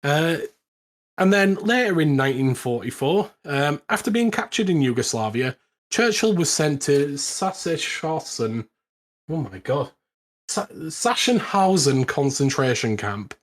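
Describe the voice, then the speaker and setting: A British man co-hosting a podcast, telling a history story in casual, animated chat with frequent laughs. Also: a little high, unhurried. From Britain. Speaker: podcast co-host.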